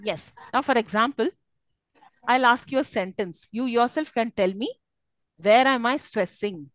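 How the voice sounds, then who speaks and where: High-voiced woman lecturing a class. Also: expressive, unhurried, dry recording, rough recording. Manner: teacherly, checks understanding often. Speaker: English lecturer.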